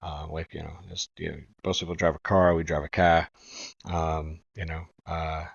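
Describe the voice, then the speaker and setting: A chatty reaction host from New England with a very low voice. He rambles on and drops the odd swear. The recording is dry and somewhat dull. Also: vocal fry, fairly bright tone, slightly rough, no echo. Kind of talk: casual commentary.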